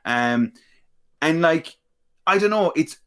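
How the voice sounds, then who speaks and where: A man's voice: a little high, lively intonation, slow pace, a bit bright, smooth. A man co-hosting a gaming podcast, rambling enthusiastically and repeating words for emphasis. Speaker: podcast co-host. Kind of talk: casual chat.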